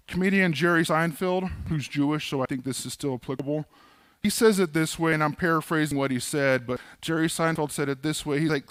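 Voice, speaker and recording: A man's voice: on the high side, fairly quick, fairly bright tone, dry recording. A man preaching a sermon as a pastor in a church, conversational with casual humorous asides.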